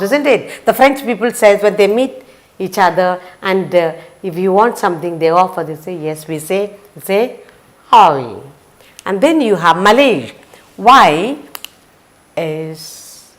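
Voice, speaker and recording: A woman with an Indian English accent teaching a vocabulary lesson for children, spelling letters out and repeating each word. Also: mid-range voice. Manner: slow, sing-song, repeats words and spells letters.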